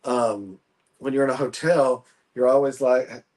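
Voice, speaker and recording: A man co-hosting a casual real estate panel chat, telling stories in a chatty way and trailing off softly at the ends of his thoughts. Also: medium pitch, steady tone, a little slow. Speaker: real estate agent and co-host. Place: Houston.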